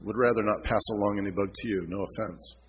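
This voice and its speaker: A man's voice: on the low side, steady tone, quick pace, slight background noise, lightly acted. A man voicing a polite woman scientist who is feeling unwell, in a story read aloud. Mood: apologetic.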